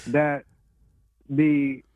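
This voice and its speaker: A man's voice: a little high, little pitch movement, drawn-out words, a little mellow, no room sound, lo-fi sound. A man co-hosting a comedy show, talking in a rowdy, boastful and profane way. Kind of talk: casual comedic chat.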